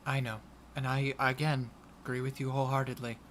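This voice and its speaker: Cautious woman leader pleading for peace, played by a man; bright, forceful delivery. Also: medium pitch, little pitch movement, brisk, a little hiss or hum, lightly acted. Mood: earnest. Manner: earnest, pleading.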